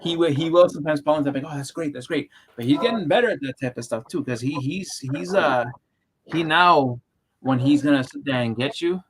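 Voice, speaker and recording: A man's voice: a little high, lively intonation, fairly quick, slight background noise. A man hosting a casual chat, rambling with restarts and fillers, acting out the people in his stories. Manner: acts out quoted voices when telling stories. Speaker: host.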